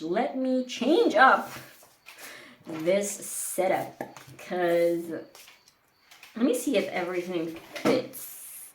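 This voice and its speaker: A woman's voice: fairly low pitch, expressive, very slow, pauses often, echoey room, slight background noise. A woman giving a casual tarot reading to camera, chatty and rambling with lots of "like". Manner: chatty and rambling, heavy use of "like". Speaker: tarot reader. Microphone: camera mic.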